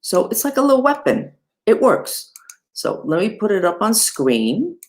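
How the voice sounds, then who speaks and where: A female spiritual teacher explains mantras and mudras in a chatty, casual online lesson, tossing in self-deprecating asides. Her darkish voice is sing-song with wide pitch swoops, at a moderate pace.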